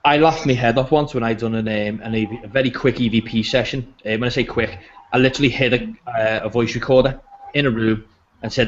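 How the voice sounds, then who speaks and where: Male host, chatty and jokey, mid pitch, muffled call audio. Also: fairly even intonation, brisk, slight background noise. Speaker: podcast host. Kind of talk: casual chat. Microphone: video call.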